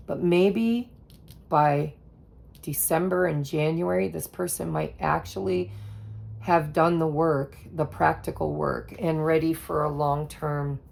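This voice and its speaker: A woman doing a casual tarot reading, slow and relaxed, with soft laughs and trailing pauses. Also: low-pitched, gravelly. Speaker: tarot reader.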